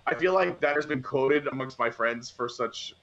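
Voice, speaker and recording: Man co-hosting a movie chat, rambling and animated, bright tone on a dull lo-fi recording. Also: mid-range voice, normal speed, gravelly. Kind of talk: casual movie review chat.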